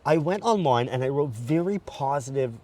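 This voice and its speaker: Man, lively animated delivery, frank storytelling, distant mic, faint outdoor noise. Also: mid-range voice, moderate pace. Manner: animated and frank, acts out quotes. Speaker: guest. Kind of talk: candid personal storytelling. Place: outdoors by a lake at night, walking.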